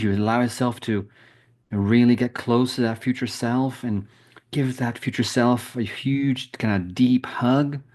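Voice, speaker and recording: A man leading a group spiritual challenge, talking softly and slowly through a guided meditation over a video call. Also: fairly low pitch. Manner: soft, slow, soothing with long pauses.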